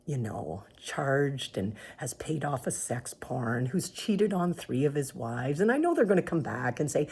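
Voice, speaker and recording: A woman's voice: deep voice, big pitch swings, unhurried, warm tone, husky. A woman from Canada talking straight to camera in an earnest, pained personal monologue, sometimes dropping to a whisper. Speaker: vlogger sharing her views.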